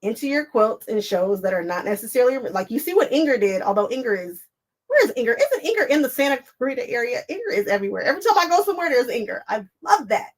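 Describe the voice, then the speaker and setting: A woman's voice: a little high, big pitch swings, fast, poor audio. A woman, hosting a casual crafting livestream, chatting to viewers while she sews and laughing often.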